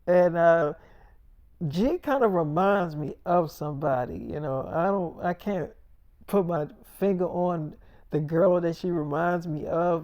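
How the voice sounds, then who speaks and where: A man's voice: fairly high pitch, a little mellow, no room sound. A man telling a long casual story to the camera, rambling and repeating himself with lots of "you know". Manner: loose, repetitive, full of "you know". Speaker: vlogger.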